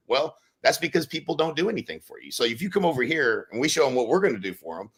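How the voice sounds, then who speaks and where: A man speaks in a bright, forceful voice. He talks casually and keeps things animated, breaking into loud acted-out quotes as he tells stories on a podcast. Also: medium pitch, fast, few pauses, husky. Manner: animated, acts out quotes with sudden loud bursts. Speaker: real estate brokerage leader on a podcast.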